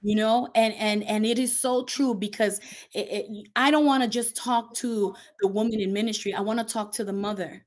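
A woman pastor talks with an earnest, sermon-like rhythm, building on repeated phrases. Her voice sits at an ordinary middle pitch. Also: fairly even intonation, moderate pace. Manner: earnest, preaching cadence with repetition. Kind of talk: faith podcast conversation.

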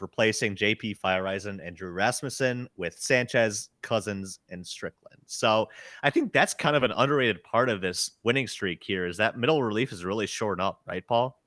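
A man hosting a casual baseball podcast, reading listener questions in a relaxed way. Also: lowish voice, no echo.

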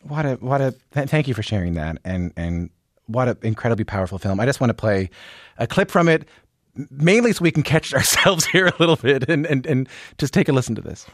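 A man hosting an interview, gentle and measured as he asks questions and introduces a clip. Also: mid-range voice, expressive, no room sound, clean studio sound. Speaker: interview host. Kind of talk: broadcast interview.

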